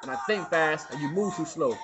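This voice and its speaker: A young man talks straight to his viewers in a rambling, profane monologue. He drops into low mutters, then rises into loud, sermon-like bursts. His voice sits fairly high, with music clearly audible underneath. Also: expressive, fairly quick. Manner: emphatic, swings from low muttering to loud preachy outbursts; profane, peppered with "man" and "you know what I mean". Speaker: vlogger. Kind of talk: rambling personal monologue to camera. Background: music playing.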